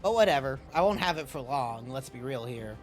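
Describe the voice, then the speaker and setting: A man's voice: mid-range voice, lively intonation, fairly quick. A male streamer casually joking and swearing over gameplay. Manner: profane, joking. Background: game music.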